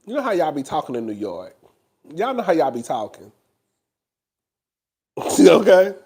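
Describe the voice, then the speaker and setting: A man from Houston, hosting a casual chat to camera in an animated, gossipy way and laughing often. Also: a little high, unhurried, breathy edge. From Houston, Texas. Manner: animated and gossipy, laughs often, addresses listeners as "girl" and "child". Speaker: host.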